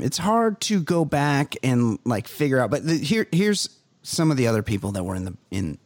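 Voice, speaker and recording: A man's voice: mid-range voice, sing-song, normal speed, no echo. A man co-hosting a comedy podcast, chatting casually, cracking jokes and cutting in on the others. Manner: jokey, interrupts, mocks with put-on quotes. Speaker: podcast co-host.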